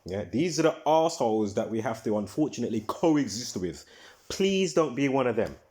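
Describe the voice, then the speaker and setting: His pitch sits in the middle but swings widely, delivered at normal speed with a darkish tone, as he hosts his own video. He rambles casually, repeats himself, uses lots of fillers, restarts often, and swears when riled.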